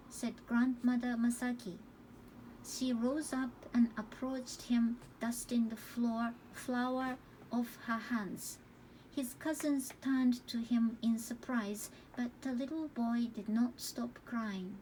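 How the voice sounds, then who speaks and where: A woman reading a novel aloud as calm, careful narration. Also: a little high, slow pace, slight background noise, poor audio. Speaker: audiobook reader.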